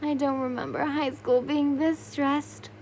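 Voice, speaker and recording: A woman's voice: sits high, flat delivery, measured pace, a little mellow, a little hiss or hum, pitched above the performer's own voice. A woman voicing a cheerful, friendly teenage schoolgirl in a listener audio story.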